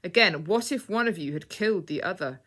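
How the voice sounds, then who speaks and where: A woman voicing a stern, authoritative male knight-like preacher who speaks firmly and loudly. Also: on the low side, expressive, fairly quick, pitched above the performer's own voice. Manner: firm, authoritative and loud.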